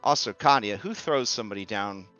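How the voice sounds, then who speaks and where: Bright, crisp-voiced game master. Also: male voice, on the low side, lively intonation, dull audio, soft background music. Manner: casual, swears freely, quick asides. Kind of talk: narrating a tabletop game.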